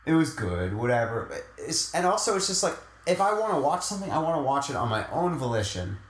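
A man's voice: a little high, animated, fast talker. A young man co-hosting a podcast, rambling in a casual, self-mocking, jokey way. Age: young adult. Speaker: podcast co-host. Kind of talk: casual chat. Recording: echoey room.

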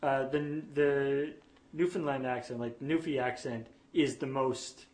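A man with a mid-range voice chatting on a casual podcast. He lays out his points in a calm, measured way. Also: medium pitch. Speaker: podcast co-host. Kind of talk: casual group chat.

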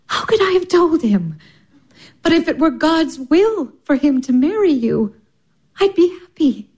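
An actress playing a gentle, motherly elder sister who soothes and advises in a tender voice. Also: high voice, sing-song, a little slow. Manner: soothing, tender, softly persuasive. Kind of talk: stage drama acting.

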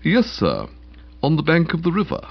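Unflappable, formal valet in a storybook reading, measured and deferential, husky voice, read by a man. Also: wildly swooping pitch, exaggerated voice. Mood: calm. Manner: measured, deferential, ends low. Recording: slightly dull lo-fi recording.

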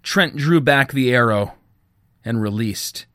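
A man, the author, reading his own fiction aloud in a measured storytelling manner. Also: medium pitch, fairly bright tone, no room sound, clean studio sound. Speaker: author and narrator.

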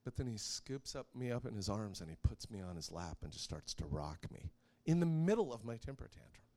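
Animated man preaching with lively pitch. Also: a little fast. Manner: animated storyteller who laughs often and gets loud when acting out scenes. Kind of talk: sermon with personal stories.

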